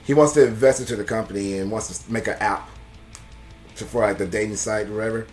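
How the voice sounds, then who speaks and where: A man's voice: fairly low pitch, quick pace, a little mellow, faint music behind. A man casually recapping a movie on a podcast, rambling, laughing often and swearing freely. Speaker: podcast co-host reviewing a movie. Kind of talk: casual chat.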